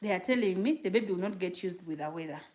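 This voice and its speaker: Woman vlogger, casual livestream chat, lively and rambling. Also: fairly low pitch, fast. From Uganda. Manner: animated, rambling, reading viewer comments. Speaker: vlogger and new mother.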